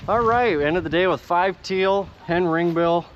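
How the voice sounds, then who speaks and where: A man's voice: sits high, moderate pace, muffled recording, a little hiss or hum. A man hosting a casual duck hunting vlog outdoors, swearing freely as he talks. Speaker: duck hunter and channel host. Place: outdoors on a marsh.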